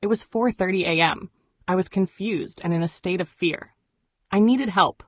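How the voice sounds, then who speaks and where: A woman narrates a first-person memoir in an even, measured delivery. Her voice sits slightly low, and the recording is dry and close with no room sound. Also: no room sound. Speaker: audiobook narrator.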